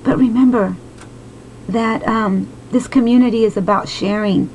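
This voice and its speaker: A woman in her late forties speaks to her viewers in a personal vlog. Her talk is slow, heartfelt and encouraging, and sometimes emotional. A faint hiss of background noise sits under her voice. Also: fairly high pitch, fairly even intonation, creaky, darkish tone, poor audio. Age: 40s. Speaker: vlogger.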